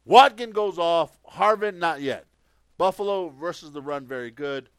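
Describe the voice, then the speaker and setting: A podcast host with a fairly high, clean voice rambles through his football picks at a normal pace on a casual show. His talk is full of filler words and restarts. There's no echo.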